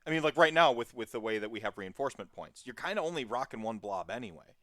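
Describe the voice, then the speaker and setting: A podcast guest talking in a casual, rambling way, animated and full of tangents and fillers. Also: medium pitch, fast, dry recording, studio quality.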